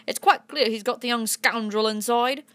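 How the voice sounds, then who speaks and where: A woman's voice: on the high side, normal speed, fairly bright tone, natural voice. Woman voicing a haughty male knight, cold, civil, superior, storybook villain.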